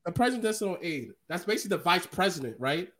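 A man hosting a wrestling podcast, talking in an animated, casual way and laughing often. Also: high voice, fast, crowd noise. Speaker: podcast host. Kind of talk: casual chat.

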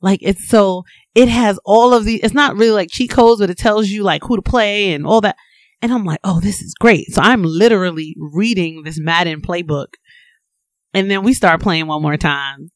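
A woman co-hosting a podcast, telling a story with animated delivery, laughing and acting out quotes. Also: mid-range voice, moderate pace, no echo. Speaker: podcast co-host. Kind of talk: casual storytelling chat.

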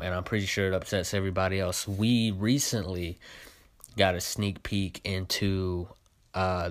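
A man's voice: low voice, no echo. A young man hosting his own show, giving a casual spoken review of a trailer, full of fillers and heated complaints.

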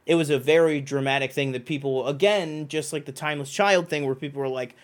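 A man co-hosting a podcast, talking in a rambling, animated way with plenty of fillers and restarts. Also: on the high side, brisk. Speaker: podcast co-host. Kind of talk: casual chat.

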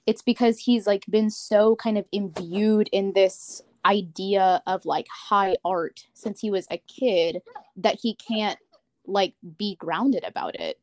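A woman's voice: medium pitch, slow, a little mellow. A young woman argues her side bluntly in an easygoing chat, dropping the occasional swear word. Her tone is casual and direct. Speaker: podcast co-host.

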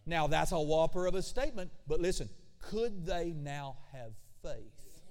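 A man preaching a sermon as pastor, animated, with conversational asides and acted-out voices. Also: fairly high pitch, unhurried. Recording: long hall reverb.

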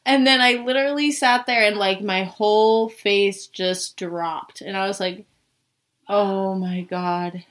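A woman's voice: medium pitch, fairly even intonation, slow pace, fairly bright tone. A young woman from the Boston area telling a personal story in a casual, chatty way, saying "like" constantly and swearing now and then.

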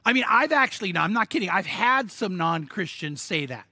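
A man preaching a sermon, telling the story in an animated way with stammered restarts and sudden emphatic bursts. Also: high-pitched, a little fast, no room sound. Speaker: pastor.

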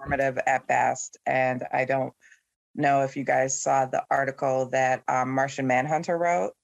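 A man's voice: mid-range voice, little pitch movement, normal speed, creaky, no echo, muffled recording. A man in his thirties hosting a casual chat with friends, opinionated and sarcastic as he tells things with animation. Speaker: podcast host.

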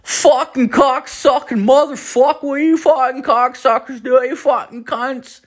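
A man's voice: very high voice, fairly even intonation, measured pace, pitched above the performer's own voice. A man voicing a brash, foul-mouthed middle-aged man from Newfoundland, putting on a Newfoundland twang and ranting with nonstop swearing. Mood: belligerent. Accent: put-on Newfoundland twang. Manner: constant swearing, loud blustering rants.

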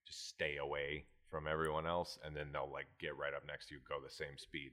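Male guest, very deep voice, rambling swearing talker, casual podcast chat. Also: monotone, brisk, pushed and bright. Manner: rambling, swears freely, frustrated rants.

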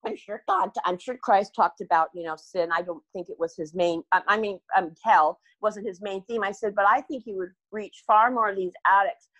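A woman's voice: medium pitch, normal speed, hardly any pauses, a bit bright, dry recording, poor audio. An older woman talking earnestly as a podcast guest, rambling and restarting her sentences as she speaks. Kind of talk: candid podcast conversation.

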